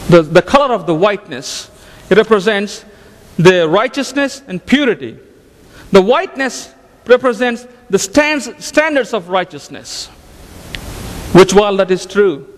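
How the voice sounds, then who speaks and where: A man's voice: high-pitched, long reverb tail. A man preaching a sermon as pastor, emphatic, often restarting and repeating his phrases. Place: church sanctuary.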